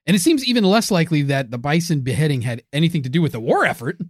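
Male co-host, wry deadpan asides, animated pitch, dry recording. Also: racing, dry recording. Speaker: podcast co-host. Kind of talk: comedic paranormal podcast chat.

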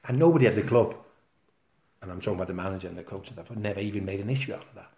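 Fast-talking Danish man with Scouse lilt. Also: on the low side. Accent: Danish with a Liverpool lilt. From Denmark. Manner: animated, acts out quotes. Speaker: former footballer guest. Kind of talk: anecdotal interview storytelling. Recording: roomy echo.

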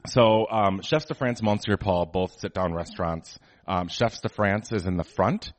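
A man's voice: low voice, normal speed, no room sound. A man co-hosting a podcast, chatting casually and giving opinions, with lots of fillers. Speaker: podcast co-host. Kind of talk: casual chat.

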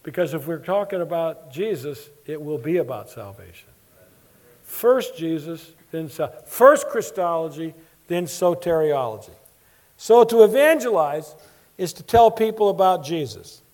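A man with a notably high voice preaches to a congregation, moving through stories in an animated way. He acts out the voices of the people he quotes as he tells each story. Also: measured pace. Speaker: preacher and Bible teacher. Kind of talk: sermon with storytelling.

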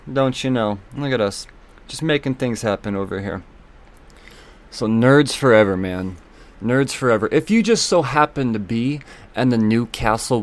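Profane, excitable man hosting a podcast. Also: mid-range voice. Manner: loose, profane and excitable, with many fillers. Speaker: podcast host. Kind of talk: casual solo podcast talk.

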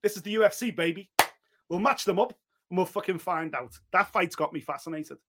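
Animated man, high voice. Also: fairly quick. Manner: animated, sweary. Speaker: podcast co-host. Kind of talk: casual chat.

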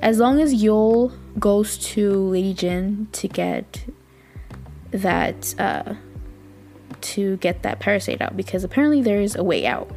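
A woman's voice: mid-range voice, sing-song, a little slow, gravelly, darkish tone, soft background music. Chatty gushing woman podcaster. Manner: chatty, gushing, laughs often, fills with "like". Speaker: podcast host. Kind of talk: casual recap chat.

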